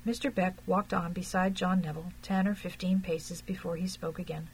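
A woman narrating an audiobook in a measured, even reading. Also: on the low side, slightly rough, poor audio.

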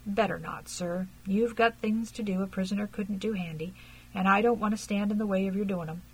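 Woman as a hushed, deferential male constable, husky; storybook reading. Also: medium pitch, steady tone, brisk, low-quality recording. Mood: reassuring.

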